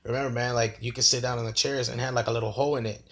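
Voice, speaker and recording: Young man, casual storytime vlog, rambling, slangy, mid-pitched voice. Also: flat delivery, rapid-fire, fairly bright tone. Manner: rambling, slangy, full of fillers. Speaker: vlogger.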